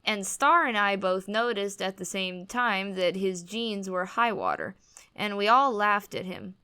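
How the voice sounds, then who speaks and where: A woman reads a first-person blog story aloud in a wry, amused tone. Her voice is bright and crisp, with a clean, smooth sound. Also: medium pitch, animated, a little slow. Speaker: reader on a commentary channel. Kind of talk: reading a blog post aloud.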